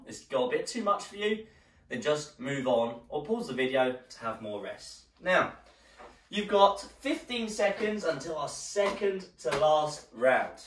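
An encouraging man leads a workout class, a little breathless as he moves along with it. His lively voice rises and falls as he counts down the rounds. The room is echoey and he sounds some way from the mic. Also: on the high side, normal speed, a little hiss or hum. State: slightly out of breath. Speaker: fitness instructor. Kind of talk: live workout class instruction. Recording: roomy echo, distant mic.

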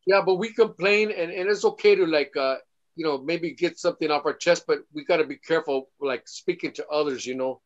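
A man with a somewhat high voice talks hesitantly during a church discussion, stopping often on fillers and restarts. The recording sounds dull and lo-fi. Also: brisk. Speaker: Bible study participant.

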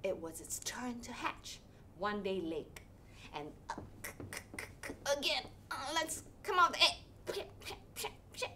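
Female workshop leader, bright animated storyteller for children. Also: mid-range voice, normal speed, slight background noise. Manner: animated, sing-song, with sound effects.

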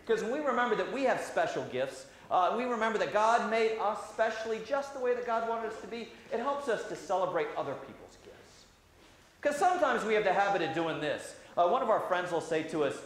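A man, a priest, giving a gentle, conversational children's sermon with many "uh" fillers in a church sanctuary. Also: very high-pitched, lively intonation, normal speed. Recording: very echoey church hall, faint hiss.

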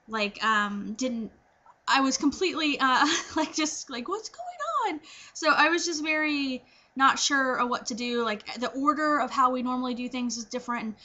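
A young pregnant woman chatting casually to her viewers, animated and full of fillers as she acts out her own reactions. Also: high-pitched, muffled recording. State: heavily pregnant. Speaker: pregnancy vlogger. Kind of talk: casual chat to camera.

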